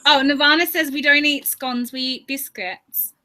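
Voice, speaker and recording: Brief: woman co-host, high and bright voice, playful, reads comments aloud in casual chat. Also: steady tone, normal speed. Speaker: co-host reading viewer comments.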